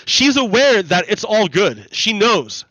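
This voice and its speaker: A man hosting a gaming channel, explaining in a repetitive, halting way full of restarts during casual commentary over gameplay. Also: high-pitched, sing-song, bright, forceful tone, no echo, lo-fi sound.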